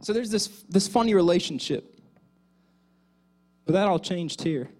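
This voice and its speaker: Speaking high and without hurry, this man delivers a sermon to the congregation in front of him. He shifts back and forth from booming exhortation to hushed side remarks.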